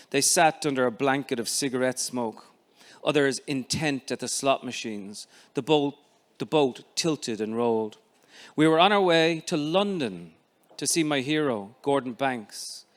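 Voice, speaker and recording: Irish man reading his memoir aloud. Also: a little high. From Ireland. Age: 50s. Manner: measured, expressive reading with many pauses. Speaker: author.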